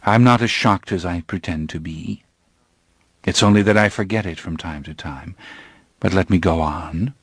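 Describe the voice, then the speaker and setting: A calm vampire of great age tells his story. His voice sits very low and speaks gravely, without haste. The recording is dry and close. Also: no room sound. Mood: brooding. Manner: measured, grave and unhurried. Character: calm, brooding centuries-old male vampire. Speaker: narrator.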